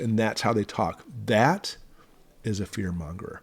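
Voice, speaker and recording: Emphatic husky man with a lively voice. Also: on the low side, moderate pace. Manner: emphatic, conversational. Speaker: survival channel host. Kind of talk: direct-to-camera talk.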